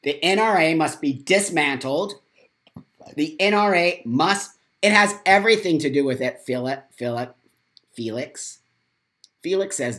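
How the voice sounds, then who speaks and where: A man's voice: fairly high pitch, expressive, a little slow, a bit bright. An American man hosting a live morning vlog, reading viewer comments aloud and ranting angrily with lots of swearing and repeated phrases. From United States. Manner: angry, profane ranting.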